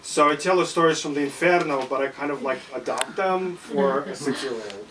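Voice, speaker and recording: A man's voice: a little high, moderate pace, distant mic, background noise. Wry man reading in a bookshop. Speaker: poet. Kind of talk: poetry reading.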